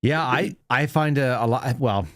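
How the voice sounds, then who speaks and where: A man's voice: mid-range voice, a little slow, fairly bright tone, dry recording, clean studio sound. A man hosting a call-in show in casual chat, a rambling storyteller who laughs easily.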